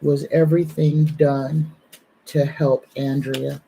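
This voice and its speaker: A woman's voice: deep voice, level tone, creaky, warm tone, husky. A woman psychic medium giving an earnest, soothing live-stream reading, at times moved to the edge of tears. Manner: slow, earnest, soothing, emotional. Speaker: psychic medium and tarot reader.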